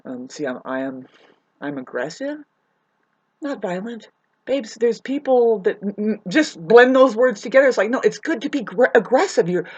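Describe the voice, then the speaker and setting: A woman talking straight to her viewers in a rambling, profane rant. Her voice swings widely up and down, and she often stops mid-sentence, restarts and calls her listeners "babe". Her pitch sits in an ordinary middle range. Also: husky. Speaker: vlogger. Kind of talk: rambling spoken rant to camera.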